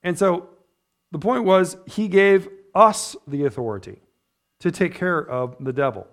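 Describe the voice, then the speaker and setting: A man preaching a sermon in church in a loose, conversational way, often checking in with his listeners with a quick "right?" or "amen?". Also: sits high. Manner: chatty, tags points with "right?" and "amen?". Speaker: pastor.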